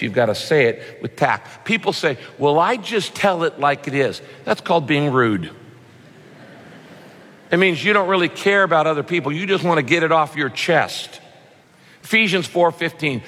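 Animated preaching man in a reverberant hall. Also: a little high. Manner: animated, playful, mimics voices for effect. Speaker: pastor. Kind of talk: sermon.

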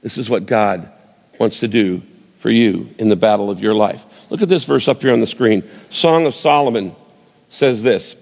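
A man preaching a sermon, telling a vivid story with pauses and restarts. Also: fairly low pitch, vocal fry, darkish tone, slightly rough, long reverb tail. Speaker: pastor.

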